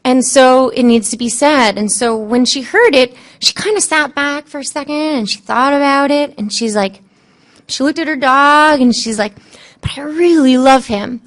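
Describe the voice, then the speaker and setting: A woman on a panel telling stories from her work as an animal communicator, acting out what the animals and people said. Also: sits high. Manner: lively, quotes animals and people in changing tones; halting, frequent fillers and restarts. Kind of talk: storytelling on a panel.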